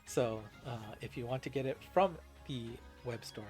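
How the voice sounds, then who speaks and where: A man's voice: mid-range voice, normal speed, darkish tone. A man hosting a casual game news recap, chatty with many filler words, over faint background music.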